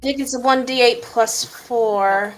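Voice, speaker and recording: A woman's voice: a little high, steady tone, slow pace, poor audio. A woman playing a tabletop game, hesitant and thinking aloud as she works out her spells. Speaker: player.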